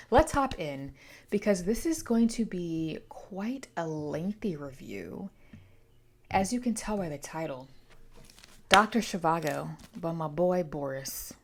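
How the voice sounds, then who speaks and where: Female book vlogger, slightly low voice, stuffy from allergies, chatty and playful with rambling asides. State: congested from allergies. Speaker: book reviewer. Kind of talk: casual vlog book review.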